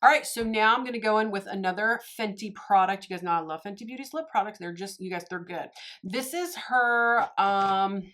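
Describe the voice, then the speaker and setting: A woman chats through a makeup tutorial as a beauty vlogger. She gushes freely and talks straight to her viewers in a relaxed, casual way. Her voice sits at an ordinary middle pitch. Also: brisk.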